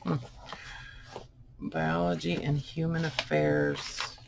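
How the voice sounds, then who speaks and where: A soft-spoken vlogger muses aloud at a leisurely pace, with a gravelly, creaky edge to the voice. It is recorded at home with a clear layer of background noise. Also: mid-range voice, very animated, takes it slowly. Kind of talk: casual unboxing chat. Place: indoors at home sorting book boxes.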